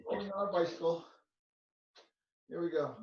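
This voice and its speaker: A male fitness instructor counting slow exercise reps and joking between counts. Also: fairly high pitch, reverberant, distant mic, lo-fi sound. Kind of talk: counting reps in a workout class.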